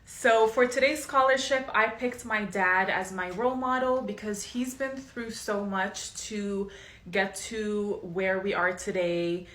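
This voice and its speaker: A young woman with a bright, clear voice delivers a mock-earnest pitch and coaxes her father along. The room echoes around her. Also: steady tone, a little slow. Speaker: prankster daughter.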